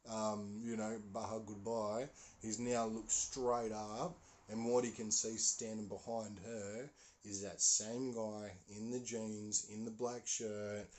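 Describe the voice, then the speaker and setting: Male podcast host, lowish voice, rambling casual storyteller. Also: a little mellow. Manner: rambling, many fillers, slangy.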